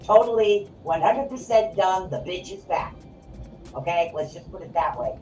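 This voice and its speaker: A woman's voice: lowish voice, expressive, moderate pace, darkish tone. A woman podcast host ranting in anger, swearing and repeating herself. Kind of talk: angry off-the-cuff rant. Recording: echoey room, voice from far off, faint music.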